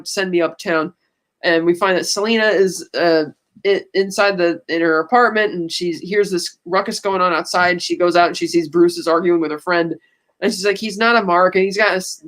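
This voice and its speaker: Woman co-host, casual recap voice, loose character quotes. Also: lowish voice. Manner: retells a film plot, breezily quoting characters. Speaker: podcast co-host. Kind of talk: casual chat.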